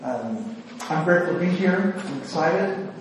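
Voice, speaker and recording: A male psychiatrist gives an earnest, self-deprecating speech to a women's gathering, a bit nervous and restarting his sentences. His voice sits high, expressive and unhurried. The distant mic picks up an echoey hall and background noise.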